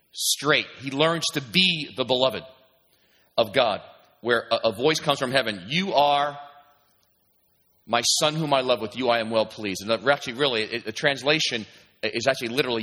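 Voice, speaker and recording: A male pastor preaches in a relaxed, conversational way, often stopping to restart with "you know." His voice is bright and forceful, and a long reverb trails each phrase as it rings through a church hall. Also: mid-range voice. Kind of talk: sermon. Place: church sanctuary.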